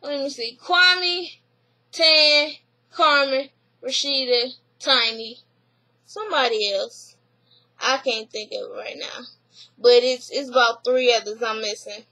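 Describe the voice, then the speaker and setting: A woman's voice: high voice, takes it slowly, low-quality recording. A woman casually recapping a reality show, laughing and acting out the people she quotes. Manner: laughing, animated retelling with voiced quotes.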